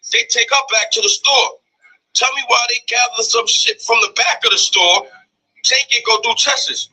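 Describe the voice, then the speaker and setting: High, bright, husky-voiced man telling a story. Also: moderate pace, rough recording. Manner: animated, profane retelling with acted-out exclamations. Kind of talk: casual storytelling in a conversation.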